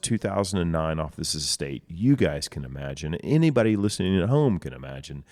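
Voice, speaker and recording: Very deep-voiced man telling stories. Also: darkish tone. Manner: enthusiastic storyteller, acts out dialogue. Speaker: winery co-owner, guest. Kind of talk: casual storytelling. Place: outdoors in a vineyard.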